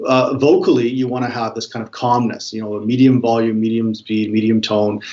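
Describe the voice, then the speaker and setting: A man's voice: mid-range voice, brisk, lo-fi sound. A man talking as a body language expert guest, explaining points energetically and acting out little examples. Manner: energetic, animated, acts out examples. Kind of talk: explanatory interview talk.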